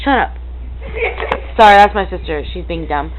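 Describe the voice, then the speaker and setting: A woman's voice: lowish voice, moderate pace, noisy background. A teenage girl chatting to a webcam at home, hyper and giggly, rambling and breaking into silly noises. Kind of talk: casual chat to camera.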